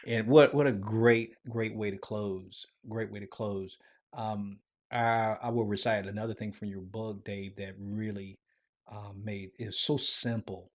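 A man hosting a faith podcast, earnest, often dropping to a hushed tone. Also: lowish voice, fairly even intonation, a little slow. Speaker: podcast host.

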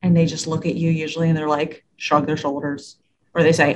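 Here a woman with a deep voice speaks briskly, with a little hiss or hum behind her. She's a school administrator and parenting educator describing her work with kids and parents in a relaxed interview. She acts out the quoted back-and-forth with lively storytelling.

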